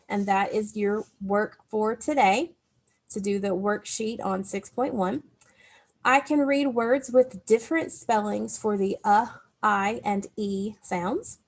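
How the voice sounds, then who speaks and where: Lady teacher talking kids through a worksheet, bit of fry in her voice, slow and patient. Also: medium pitch. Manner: patient, explains step by step to young pupils. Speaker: elementary school teacher. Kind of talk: recorded online class lesson.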